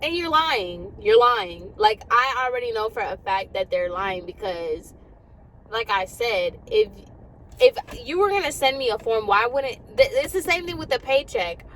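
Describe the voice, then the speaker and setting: Young woman ranting fast in a parked car. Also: a little high, a little hiss or hum, low-quality recording. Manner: exasperated, ranting, rapid and animated. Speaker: vlogger. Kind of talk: casual rant to camera.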